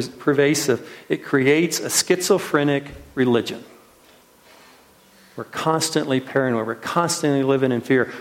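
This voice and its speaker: In a retreat gathering room, a man leading the retreat preaches a sermon with earnest, searching intensity. His mid-pitched voice repeats words, trails off softly, then lifts with rhetorical questions.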